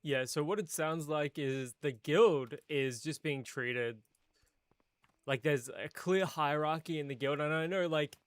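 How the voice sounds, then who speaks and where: A man hosting a casual voice-call chat, giving measured opinions with some hesitant restarts. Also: a little high, dry recording. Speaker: streamer host.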